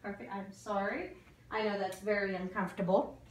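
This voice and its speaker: A woman's voice: medium pitch, steady tone, moderate pace. A woman giving a clinical exam and talking a patient through each step, sometimes tripping over medical terms. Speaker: nursing student performing an exam. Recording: echoey room, mic far off.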